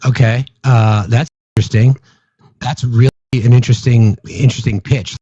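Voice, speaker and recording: A man's voice: medium pitch, fairly even intonation, moderate pace, dark tone, slightly rough, no echo, highs cut off. Incredulous male political commentary host. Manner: incredulous, reads statements aloud with asides.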